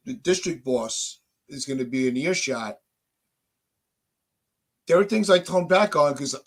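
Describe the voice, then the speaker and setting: A man hosting a podcast, venting with frustration, swearing and restarting his sentences. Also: a little high. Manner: frustrated, repetitive restarts, profane. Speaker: podcast host. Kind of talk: heated casual podcast chat.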